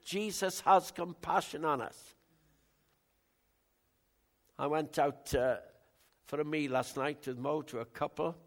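An older man preaches a sermon in a loose, conversational way, teasing his congregation. His voice sits a little high for a man, and he swings from loud outbursts to quiet asides. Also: steady tone, slow, pauses often. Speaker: pastor.

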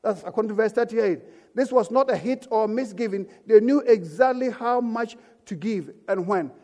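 A man's voice: high voice, moderate pace, warm tone. A man preaching a sermon as pastor, emphatic and calling out for amens from the congregation. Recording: echoey church hall.

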